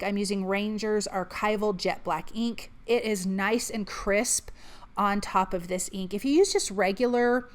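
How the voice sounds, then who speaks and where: A woman hosting a crafting channel, chatting upbeat through each step of a card-making tutorial. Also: medium pitch.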